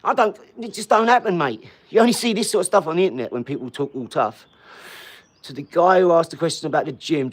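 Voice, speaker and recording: A man in his 40s with a fairly high, animated voice talks at a quick clip on a casual livestream. He answers viewers' comments bluntly, swearing and laughing often.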